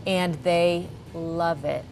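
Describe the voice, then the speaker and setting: A woman's voice: fairly low pitch, steady tone, very slow, a little mellow, slight background noise. A woman appearing as a guest on a cooking show, talking earnestly and eagerly about her counseling ministry. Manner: earnest, enthusiastic. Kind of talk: talk show guest chat.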